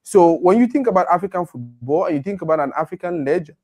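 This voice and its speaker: Animated Nigerian man, slightly high voice. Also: quick pace, soft background music. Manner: animated, mixes Pidgin with English. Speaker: co-host. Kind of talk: casual football chat.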